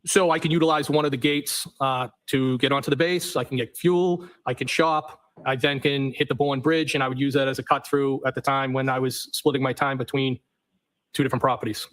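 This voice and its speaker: A man on the witness stand, reading text messages aloud in a matter-of-fact way and saying the punctuation marks out loud. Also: medium pitch, fairly even intonation, a little fast, poor audio. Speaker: trial witness.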